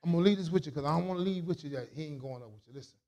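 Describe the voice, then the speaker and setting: A man preaching a sermon as a bishop, in a call-and-response style that swings from quiet asides to shouts. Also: fairly high pitch, racing, dull audio.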